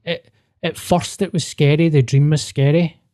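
A young man and podcast host telling a personal story in a casual, sweary, animated way, often restarting his sentences. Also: a little high, moderate pace.

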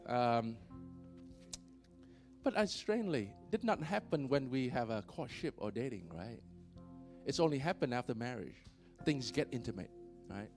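Animated preaching man, faint music behind. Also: medium pitch, normal speed, long pauses. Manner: animated, often laughs, checks in with "right?". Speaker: pastor. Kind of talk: sermon. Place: church.

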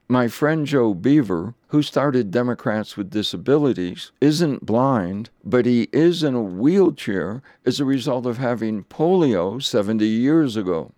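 Guy hosting a radio show, deadpan jokey delivery, dry close sound. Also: mid-range voice, dry recording. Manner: dry, punning humor. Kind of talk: scripted radio program narration.

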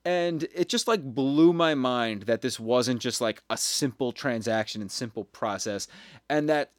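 Halting man on a dry mic. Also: medium pitch, no echo. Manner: halting, many fillers and restarts, wry. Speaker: podcast co-host. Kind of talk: casual sports podcast storytelling.

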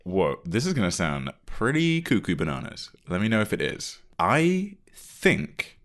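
A man's voice: on the low side, huge pitch swings, unhurried, a bit bright. A man co-hosting a podcast, talking casually and thinking aloud with jokes and restarts. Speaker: podcast co-host. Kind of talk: casual chat.

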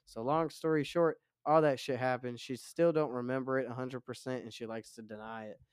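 A man in his twenties, a podcast guest, telling a wild story in a casual, profane and animated way. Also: mid-range voice, fairly quick. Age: 20s.

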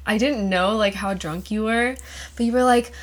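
Young woman podcast cohost, chatty, quick reactions, middle pitch. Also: a little hiss or hum. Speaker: podcast co-host. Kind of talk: casual chat.

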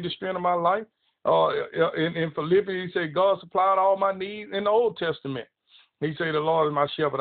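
A man preaching a broadcast sermon, emphatic and repetitive as he quotes scripture. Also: sits high. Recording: tinny phone-line audio.

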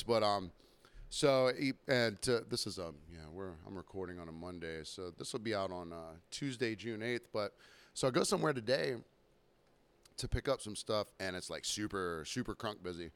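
A man's voice: lowish voice, expressive, normal speed, a bit bright, clear, resonant tone. A man hosting a podcast, telling a rambling, profane story about a customer in a casual, exasperated way. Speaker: podcast host.

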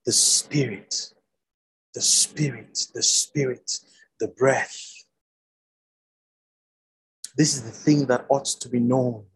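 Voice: mid-range voice, fairly even intonation, takes it slowly, long pauses, husky, low-quality recording. A preacher giving an online Bible teaching over a video call, repeating key words for emphasis.

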